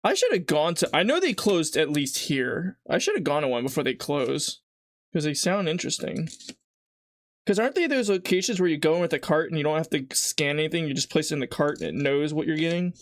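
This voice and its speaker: A streamer chats away while cooking in a home kitchen, rambling and self-mocking, eyes watering from an onion. The pitch swings widely up and down as they talk. The sound is close and dry, with no room echo. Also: big pitch swings, a little fast. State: teary-eyed from cutting onion. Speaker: live streamer. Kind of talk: casual live-stream chat while cooking.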